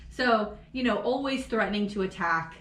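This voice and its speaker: A woman from Florida co-hosting a casual true-crime podcast, swearing freely and laughing through animated storytelling. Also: medium pitch, moderate pace, roomy sound. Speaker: podcast co-host.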